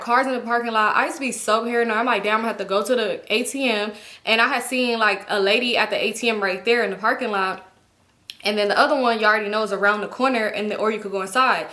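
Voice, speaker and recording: A woman telling a storytime vlog in a casual, animated, profane way, with chatty asides to her viewers. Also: on the high side. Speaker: YouTube storyteller.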